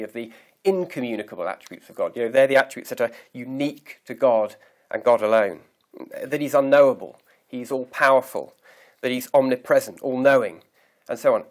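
A man preaching a sermon, reading scripture aloud slowly and deliberately and pausing to stress key words. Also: medium pitch. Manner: measured, emphatic reading of scripture.

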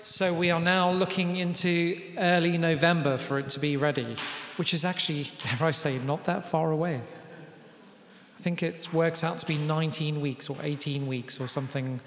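A British man delivers a sermon in a chatty, conversational way, often turning aside to speak to the congregation. His voice sits a little high for a man. The recording carries the roomy, lingering echo of a large church hall. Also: steady tone, moderate pace, fairly bright tone. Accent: British English. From Britain. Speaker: pastor. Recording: echoey church hall with long reverb.

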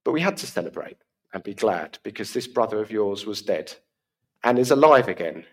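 A man's voice: lowish voice, very animated, brisk. A man reading as a joyful forgiving father. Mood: tender. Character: forgiving elderly father, overjoyed and tender. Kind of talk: scripture reading.

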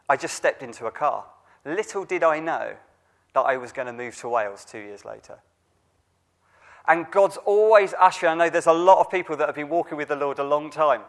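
A man's voice: fairly high pitch, fairly bright tone. A man in his thirties, a youth worker preaching an informal sermon with a chatty delivery, many fillers and restarts, and direct questions to the audience. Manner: conversational, with frequent fillers and restarts.

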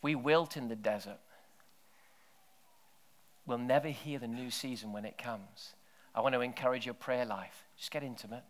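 A man preaching a sermon full of stories. He drops to near-whispers and then breaks into loud shouted bursts. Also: mid-range voice, moderate pace. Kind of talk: sermon with storytelling.

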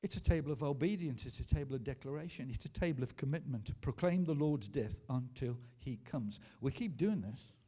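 A man's voice: mid-range voice, lively intonation, brisk, few pauses, warm tone, slightly rough. A man, a pastor preaching a sermon in a school hall, emphatic, asking the congregation to repeat and answer back. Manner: emphatic preaching with call-and-response.

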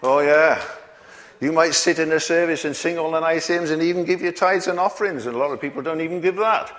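A man's voice: a little high, fairly quick, a bit bright. A man preaching a sermon in a folksy way, chuckling often and asking the congregation questions. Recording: long hall reverb.

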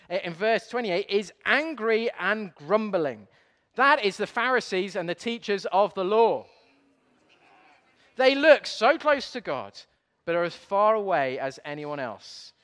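A man preaching a playful sermon, getting the congregation to join in and joking at his own slips. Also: sits high. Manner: lively, playful, self-deprecating. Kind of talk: sermon with audience participation. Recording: long hall reverb.

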